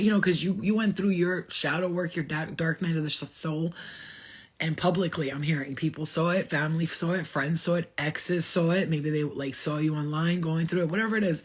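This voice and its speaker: A woman's voice: low-pitched, steady tone, brisk, breathy edge. A woman giving a channeled spiritual message in a rambling, emotional way, with casual swearing. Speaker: spiritual reader.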